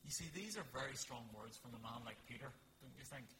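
A man's voice: medium pitch, lively intonation, fairly quick. A man preaching a sermon, earnest and reflective, with rhetorical questions and dramatic readings of scripture. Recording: long hall reverb with faint hum.

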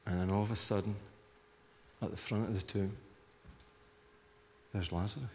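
Conversational low-voiced male preacher in a reverberant hall. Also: steady tone, moderate pace, a little mellow, slight background noise. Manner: conversational, invites listeners to imagine the scene, acts out reactions. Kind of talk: sermon.

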